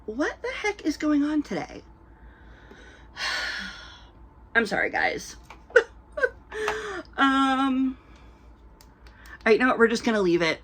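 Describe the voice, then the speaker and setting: A woman's voice: sits high, huge pitch swings, slow pace, long pauses, fairly bright tone, slight background noise. A woman telling stories to camera in a casual, giggly way, full of ums, with a dry throat. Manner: chatty, giggly, many ums, acts out quoted voices. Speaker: reborn doll collector vlogger. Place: indoors at home, lit by a ring light.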